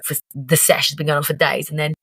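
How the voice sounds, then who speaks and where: A woman's voice: deep voice, fast talker, creaky, slightly rough, dry recording, studio quality. A young woman co-hosting a podcast, telling party stories in casual chat and acting out the people in them. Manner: animated, acts out voices in her stories. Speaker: podcast co-host.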